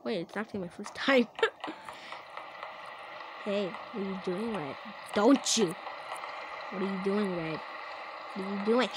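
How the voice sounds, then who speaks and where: A woman who makes gaming channel content gives loose, casual commentary on an online game, drawing out her words at an unhurried pace with long pauses in a medium-pitched voice. She bursts into laughs and shouts whenever something happens, over a steady hiss of noise.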